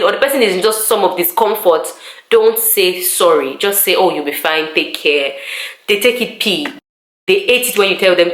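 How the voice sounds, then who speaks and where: A young woman from Nigeria chatting casually to camera in a vlog, animated and acting out conversations she recalls. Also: fairly low pitch, echoey room. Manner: chatty, animated, acts out quoted exchanges. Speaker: vlogger. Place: living room of student family accommodation.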